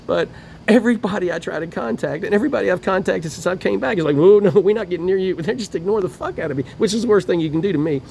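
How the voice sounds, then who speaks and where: In a homeless shelter, a middle-aged man rants bitterly and profanely to camera about his grievances, laughing through them. His voice is high with vocal fry, his pace is quick, and there is slight background noise.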